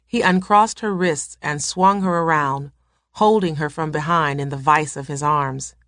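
Low-voiced woman reading a novel aloud. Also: measured pace, a bit bright, dry recording, studio quality. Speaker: reader.

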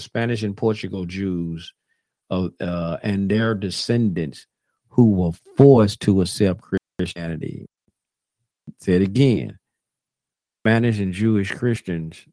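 Low-voiced man preaching on talk radio. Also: warm tone, no room sound. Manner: preachy, addresses listeners as brothers and sisters; loose, repeats and restarts phrases.

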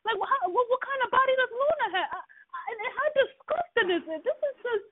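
A woman's voice: very high-pitched, animated, a little fast. A woman co-hosting a talk show, ranting emphatically and indignantly. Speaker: co-host. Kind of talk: casual chat. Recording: tinny phone line.

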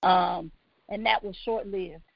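A woman recounts her own past in a halting, emotional way, full of ums and restarts and close to tears. Her voice has a gravelly edge. The sound is dry and lo-fi, a little dull. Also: lowish voice, fairly even intonation, no echo. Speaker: guest sharing her life story. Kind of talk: personal testimony on a talk show.

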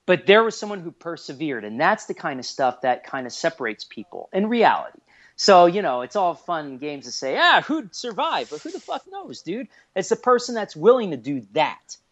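A man in his thirties, a guest on a casual podcast, telling stories in an excitable way with lots of swearing. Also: a little high, fairly quick. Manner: animated, swears a lot, excitable. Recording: dull lo-fi podcast audio.

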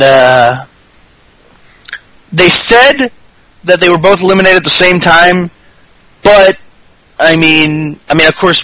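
A man's voice: on the high side, bright, forceful tone, no echo, low-quality recording. A man hosting a podcast, chatting casually in a rambling, profane, jokey way. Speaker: podcast host. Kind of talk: casual chat.

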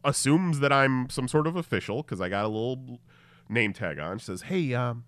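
Animated, laughing male podcast host. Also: medium pitch, normal speed. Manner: animated storyteller, acts out voices, laughs often. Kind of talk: casual storytelling chat.

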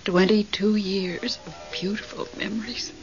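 A woman's voice: a little high, slow, over music. An actress playing a grieving middle-aged widow who speaks to friends and her late husband. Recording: muffled old radio recording.

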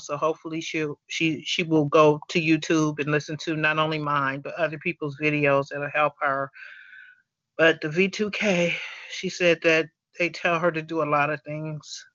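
A man with a fairly high, bright and tense voice hosts a support call, speaking earnestly and haltingly. The sound is dry and close but dull, like a lo-fi phone line. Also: dry recording. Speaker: host of a support conference call. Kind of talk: conference call sharing.

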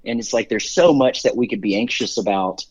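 A man's voice: lowish voice, fairly quick, breathy edge. A middle-aged man, a company CEO, telling stories as an interview guest in an upbeat, rambling way with many fillers and restarts. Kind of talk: casual interview storytelling. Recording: dull lo-fi sound.

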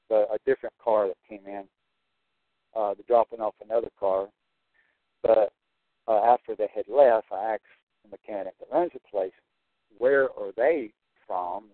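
A man talks in an earnest preaching monologue and circles back to stress each point. His voice sits at an ordinary middle pitch. It comes through a tinny, phone-like line with a dry, close sound. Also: no room sound. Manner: earnest, repetitive, preacher-like emphasis. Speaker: Christian prophecy broadcaster.

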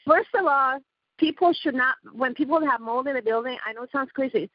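A fairly high-pitched woman originally from Iran speaks emphatically as a talk radio guest, jumping from point to point and cutting in often. The sound is dull and lo-fi, with a very dry, close feel. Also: a little fast, dry recording. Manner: rambling, emphatic, interrupts often. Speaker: radio show guest, activist. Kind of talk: talk radio call-in chat.

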